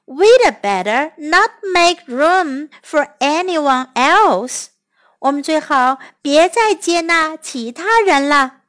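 Woman reading as a fussy lobster, worried, insistent, storybook voice, high, slow. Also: lively intonation, a bit bright, heavily acted. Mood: fretful. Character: fretful, fussy lobster in a crowded boat.

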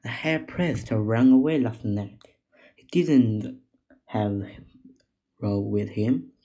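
A man's voice: on the low side, slow, dark tone. A man voicing two frightened male temple priests who answer timidly in a children's story reading.

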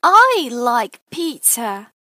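A woman doing a shrill, excited little piglet girl. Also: extremely slow, dry recording, clean studio sound, full character voice. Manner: shrill and eager.

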